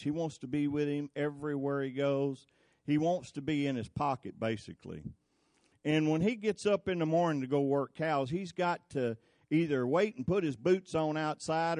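A man's voice: a little high, darkish tone, no room sound, studio quality. A man preaching a folksy, conversational sermon, telling stories and asking the congregation questions.

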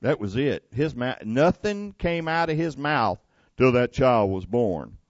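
A man's voice: medium pitch, no echo, muffled recording. A man preaching a sermon in a folksy, conversational way, retelling scripture and making plain asides.

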